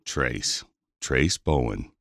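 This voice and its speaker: A man playing a deep-voiced flirty cowboy. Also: animated, extremely slow, creaky, a bit bright, no echo, clean studio sound, exaggerated voice. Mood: flirting.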